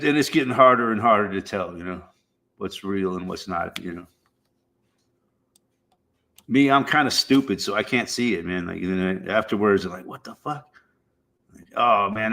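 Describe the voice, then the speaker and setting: A man's voice: on the low side, a bit bright. A man streaming, chatting casually in a rambling, profane way with frequent fillers. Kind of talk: casual chat.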